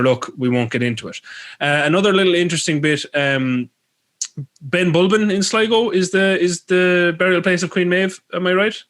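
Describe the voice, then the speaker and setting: A man's voice: on the high side, a bit bright. A man with an Irish accent hosting a podcast, retelling folklore with rambling, crude jokey asides. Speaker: podcast host. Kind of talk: comedic storytelling chat.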